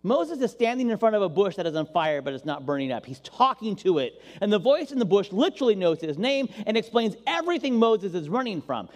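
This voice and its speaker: Animated guy preaching, high voice that jumps around a lot, playful, long hall echo. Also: fairly quick, few pauses. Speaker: pastor. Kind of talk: sermon.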